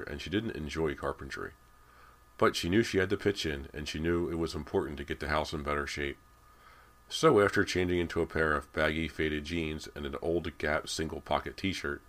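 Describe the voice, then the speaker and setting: Very deep-voiced male audiobook narrator. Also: brisk, fairly bright tone.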